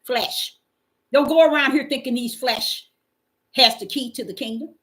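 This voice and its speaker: An unhurried woman with a high, fairly bright voice reads Bible verses in a fervent, informal street sermon. She leans on call-and-response exclamations as she preaches.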